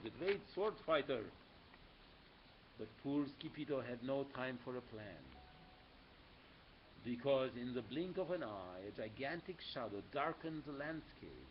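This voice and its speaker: A man reading a children's picture book aloud as an animated storyteller. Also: medium pitch, muffled recording, slight background noise. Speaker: reader.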